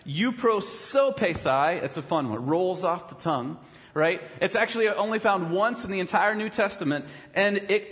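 A pastor preaching a sermon in a conversational way, often checking in with rhetorical questions. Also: male voice, high-pitched, a bit bright, in a large hall. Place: church.

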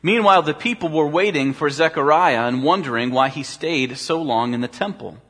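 A pastor preaches with a bright, forceful voice that sits a little high for a man. He keeps a conversational tone and poses rhetorical questions to his listeners. Long reverb rings around him. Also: moderate pace. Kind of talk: sermon.

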